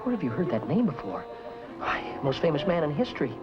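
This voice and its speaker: A man's voice: fairly high pitch, very animated, quick pace, loud music behind the voice. A young man playing a brash, bossy comic lead in a 1950s sitcom. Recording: dull, hissy 1950s TV soundtrack.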